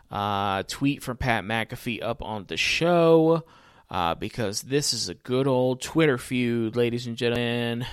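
A man's voice: mid-range voice, clear, resonant tone, no echo, clean studio sound. A man giving casual live commentary on a wrestling show in a chatty way, often speaking straight to his viewers. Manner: chatty, addresses viewers directly. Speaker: wrestling watch-along commentator.

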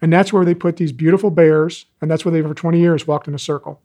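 A man in his sixties, an animal rescuer telling stories in an interview, animated and folksy. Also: fairly high pitch, fast. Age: 60s. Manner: animated, folksy storyteller, acts out quoted callers. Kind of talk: interview talk, storytelling.

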